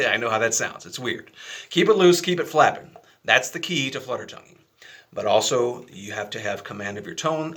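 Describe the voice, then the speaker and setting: A man giving a casual, chatty flute lesson, relaxed and a little self-deprecating. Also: on the low side. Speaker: flute teacher.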